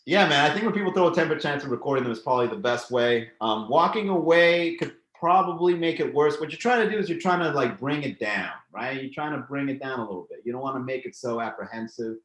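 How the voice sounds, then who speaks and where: A man's voice: medium pitch, expressive, fast, hardly any pauses, a bit bright, roomy sound. A man hosting a live comedy stream, chatting loosely and profanely as he reads and riffs on viewer comments. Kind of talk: casual live-stream chat reading comments.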